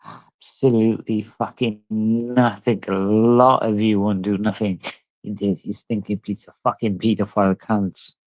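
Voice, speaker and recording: Drunk man, streamer, rambling profane rant, lowish voice. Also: flat delivery, measured pace, a little mellow, no room sound, low-quality recording. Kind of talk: angry livestream rant.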